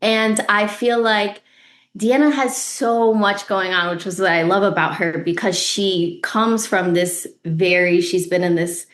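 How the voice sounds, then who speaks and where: A woman, an actress guest on a podcast interview, talking in an earnest, reflective way that turns animated when she retells a story. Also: mid-range voice, unhurried. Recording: roomy echo.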